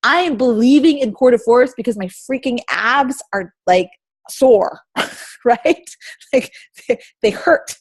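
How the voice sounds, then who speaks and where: A woman's voice: fairly high pitch, slow pace, slightly rough. A woman in her thirties leading a motivational team call over video chat, full of rhetorical questions. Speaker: team leader.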